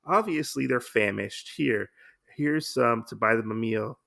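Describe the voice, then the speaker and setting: A man's voice: mid-range voice, a little slow, vocal fry, a bit bright. A man voicing a kind-hearted male rabbit swordsman in a comic retelling, earnest and helpful. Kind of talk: quick voice in a casual plot recap.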